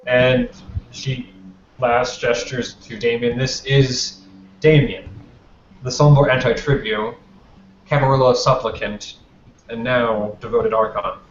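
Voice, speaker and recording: A man's voice: mid-range voice, steady tone, slow, close to an everyday voice. A man voicing a dignified, authoritative female vampire Justicar who makes formal introductions in a tabletop game. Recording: roomy, dull lo-fi, faint noise.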